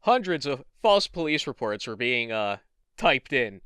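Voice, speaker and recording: A man's voice: mid-range voice, sing-song, measured pace, a bit bright, clean tone, no echo, studio quality. A man giving casual, sarcastic commentary, swearing and laughing as he goes. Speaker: internet commentator.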